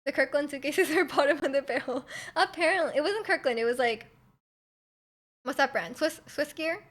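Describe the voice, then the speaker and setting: A young Canadian woman with a high, light voice chats casually on her stream. She rambles through stories with plenty of fillers and giggles, and she talks close to a desk mic. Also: moderate pace, fairly bright tone. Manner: rambling, many likes and ums, giggly. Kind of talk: casual chat.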